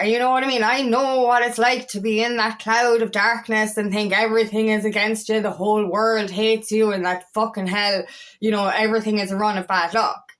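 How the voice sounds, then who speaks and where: A woman's voice: mid-range voice, a bit bright. A woman working as an empowerment coach, talking casually and frankly to camera, swearing freely and repeating phrases. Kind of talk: casual spiritual vlog talk.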